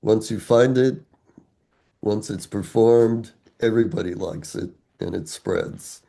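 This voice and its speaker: Older man, gravelly, dark tone, very slow, deliberate explainer with fillers. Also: fairly low pitch. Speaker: author being interviewed. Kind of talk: explaining and reciting verse.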